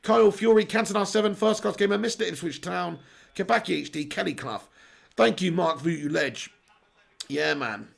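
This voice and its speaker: Bantering man hosting a live stream, high gravelly voice, sore throat. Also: moderate pace. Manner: laughing, banter-filled, thanks viewers. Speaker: football watch-along streamer. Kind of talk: live stream chat reading.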